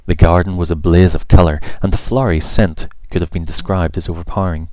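A man with a very low voice narrates a children's fairy story in a steady, measured way. His reading sits right at a close mic, dry and free of room sound. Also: dry recording.

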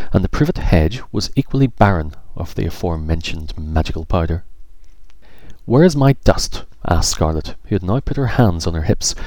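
Man, storybook narrator, wry, playful, very low voice, dry close mic. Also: warm tone, dry recording. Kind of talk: storybook reading.

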